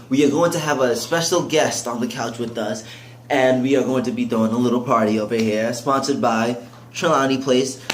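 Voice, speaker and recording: Male host, laid-back delivery, roomy room with light ambient hiss. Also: mid-range voice. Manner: laid-back, announces upcoming shows. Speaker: show host. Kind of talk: casual chat. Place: living room set with couch.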